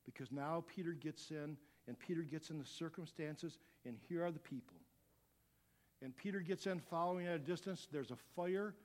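A middle-aged male pastor preaching with a fairly high voice. He is animated, slipping into quiet asides and then building up to loud, forceful shouts. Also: normal speed. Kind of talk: sermon.

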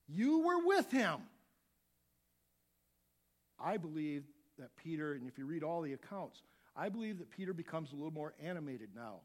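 A middle-aged male pastor preaching with a fairly high voice. He is animated, slipping into quiet asides and then building up to loud, forceful shouts. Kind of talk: sermon.

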